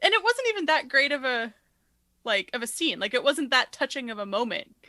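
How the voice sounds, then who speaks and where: A woman's voice: sits high, animated, a little fast, sharp tone, no echo, studio quality. A woman co-hosting a movie podcast, rambling through her points with lots of fillers and giggles. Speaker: podcast co-host. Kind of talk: casual movie-review chat.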